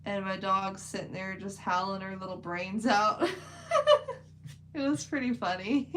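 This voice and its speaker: A chatty woman with a drawl talks loosely to her stream chat as she paints, filling her sentences with "like." Her voice sits at a middle pitch, and a faint hum runs underneath. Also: steady tone, moderate pace, a bit bright, low-quality recording. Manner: chatty, rambling, many "like" fillers. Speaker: livestream host. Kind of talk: casual livestream chat while painting.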